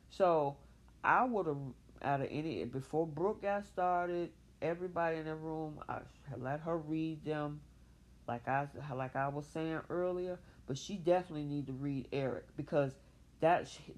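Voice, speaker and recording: This podcast host runs her soap opera recap solo, her voice low and her speed normal. Loose and lively, she shares strong opinions and speaks the characters' lines in her own voice.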